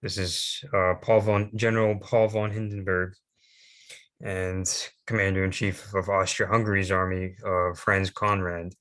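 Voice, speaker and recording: A young man presenting history slides off the cuff, halting often with fillers and restarts. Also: sits low, flat delivery, a bit bright.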